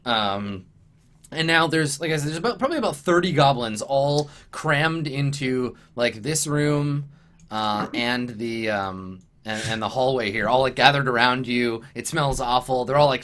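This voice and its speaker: A man's voice: mid-range voice, moderate pace, fairly bright tone. A man narrating as game master, rambling with many "um"s and "like"s.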